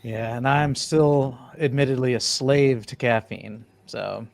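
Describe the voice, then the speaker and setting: A man with a mid-pitched voice talking on a podcast. He speaks haltingly and hedges, with a dry, self-deprecating humor. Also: gravelly, no room sound. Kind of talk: casual podcast chat.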